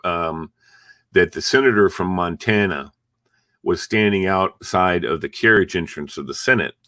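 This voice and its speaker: A man's voice: low-pitched, normal speed, bright, forceful tone, no echo, clean studio sound. A male host chatting in an interview and telling rambling anecdotes. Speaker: show host. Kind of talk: conversational interview.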